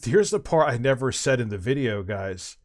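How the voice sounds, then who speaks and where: A man's voice: medium pitch, sing-song, normal speed, a little mellow. A middle-aged man chatting casually as a streamer, telling a long rambling anecdote with swearing and restarts. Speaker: streamer and host. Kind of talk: casual chat, storytelling.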